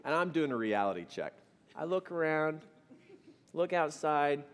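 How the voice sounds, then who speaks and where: Middle-aged man, storytelling, lively swooping voice, high for a man, long hall echo. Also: a little slow, smooth. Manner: animated, humorous, self-mocking. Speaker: speaker telling a personal story. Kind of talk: storytelling talk to an audience.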